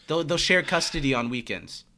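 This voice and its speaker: A male podcast co-host talks in a loose, joking way and stumbles over his words now and then. His voice is bright and pitched a little high, though he is under the weather with a sick voice. He stays relaxed and chatty. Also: normal speed. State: sick, hoarse voice. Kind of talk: casual chat.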